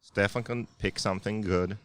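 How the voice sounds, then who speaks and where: A man's voice: fairly low pitch, steady tone, normal speed, no echo. A man hosting a casual podcast, trading teasing, sarcastic banter with his co-host. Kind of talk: casual chat.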